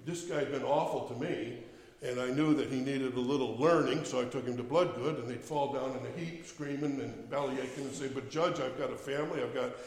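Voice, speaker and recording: A man's voice: medium pitch, steady tone, brisk, darkish tone. Joking man preaching in a reverberant hall. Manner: humorous storytelling with playful voice swings. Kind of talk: sermon.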